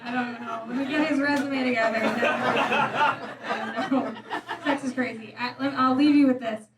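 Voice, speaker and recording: A young woman works a comedy club crowd with a high, chatty, self-deprecating delivery. She sounds a little distant in a roomy space, and loud laughter rolls in around her. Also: fairly even intonation, normal speed, very noisy. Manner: conversational, self-deprecating, jumps into acted quotes. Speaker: stand-up comedian. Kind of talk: stand-up set. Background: audience laughing.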